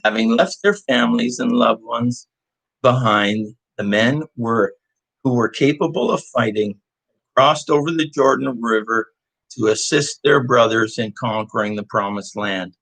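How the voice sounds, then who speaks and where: A man shares a church devotional at an unhurried pace. His voice sits at a middling pitch, heartfelt and a little hesitant, and he sounds like he is recovering from illness. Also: gravelly, a bit bright, poor audio. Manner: slow, heartfelt, with hesitant restarts. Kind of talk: reading a devotional and praying.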